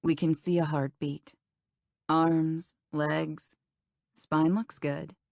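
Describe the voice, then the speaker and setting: Kind ultrasound tech, woman, late thirties, soft and low, gravelly edge; read by the narrator. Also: flat delivery, drawn-out words, no echo, studio quality, heavily acted. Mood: gentle.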